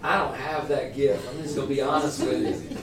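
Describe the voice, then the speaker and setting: A man teaching a small church group in a relaxed, conversational sermon, joking about himself now and then. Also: mid-range voice, brisk, a crowd in the background. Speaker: pastor teaching a church class. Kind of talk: informal sermon. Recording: echoey room, voice from far off.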